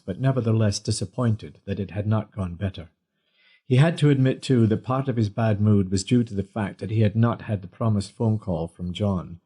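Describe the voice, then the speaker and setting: A man narrating an audiobook in a measured storytelling manner. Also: on the low side, mellow, husky.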